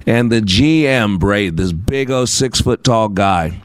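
A man's voice: fairly low pitch, expressive, slow pace, dry recording. A man hosting a talk show, telling stories in a rambling, anecdotal way with many fillers and restarts, and bringing in scripture. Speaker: show host and customer service teacher. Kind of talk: casual spoken monologue with scripture.

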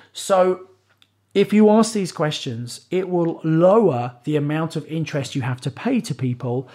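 Male coach, slightly high voice, pitches steps with upbeat persuasive energy. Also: darkish tone, husky. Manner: upbeat, persuasive, stepwise instruction. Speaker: property investment coach. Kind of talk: instructional coaching talk.

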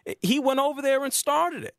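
A man's voice: brisk, creaky, dry recording, studio quality. A man hosting a sports talk radio show, arguing his point with emphasis. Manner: emphatic, argumentative, lively pitch swings.

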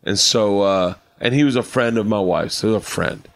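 A middle-aged comedian, a little drunk, spins loud, lively stories on a late-night podcast backstage at a comedy club, laughing and cutting over everyone else. He speaks at normal speed in a low, creaky voice.

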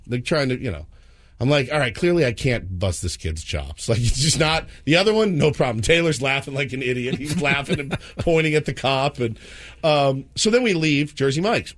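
A man's voice: mid-range voice, normal speed. A man in his thirties, co-hosting a radio morning show, telling a story with lots of acted-out voices. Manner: animated, acts out voices in his stories.

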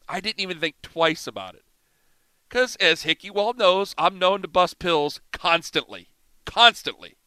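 Animated, bright-voiced male radio host. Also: high-pitched, unhurried, clear, resonant tone, no room sound. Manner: animated, self-mocking storyteller. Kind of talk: storytelling on sports talk radio. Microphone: studio microphone.

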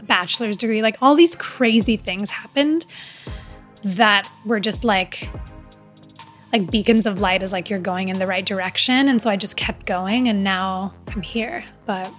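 A young adult actress with an unusual voice, chatting casually in an interview, rambling with lots of "like" fillers and restarts. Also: female voice, medium pitch, measured pace, fairly bright tone, faint music behind. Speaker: actress guest.

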